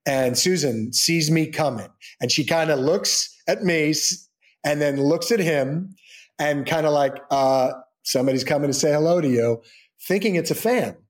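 A middle-aged man, a soap actor being interviewed, telling anecdotes casually and acting out the people in them with lively, raised voices. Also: normal speed. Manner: animated storyteller, acts out quoted voices in high pitch. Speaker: soap opera actor guest.

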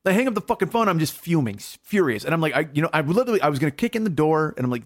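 A man's voice: fairly high pitch, big pitch swings, very fast. A young man telling a comic story as a podcast co-host, ranting in an exasperated, profane way and acting out quoted dialogue.

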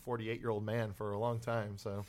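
A man in his twenties co-hosting a casual podcast chat, rambling and filling pauses with uh and um. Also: lowish voice, flat delivery, darkish tone, a little hiss or hum. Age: 20s. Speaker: podcast co-host.

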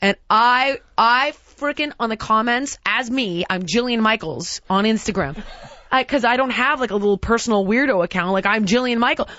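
Animated woman ranting, dry muffled sound. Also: fairly high pitch, moderate pace, no echo. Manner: animated, exasperated, acts out quotes. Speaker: podcast host. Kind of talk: casual storytelling chat.

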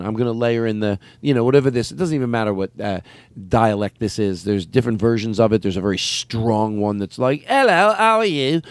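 A man's voice: mid-range voice, a little mellow, dry recording. A man with a Philadelphia accent hosting a comedy podcast, rambling and playful, often cutting himself off. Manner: rambling, self-interrupting, playful. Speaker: podcast host. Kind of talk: casual comedy chat.

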